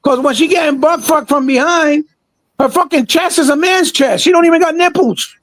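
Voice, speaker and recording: A man's voice: very high-pitched, normal speed, a bit bright, no room sound, low-quality recording. A man co-hosting a casual gaming chat, ranting and swearing in exasperation. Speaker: podcast co-host.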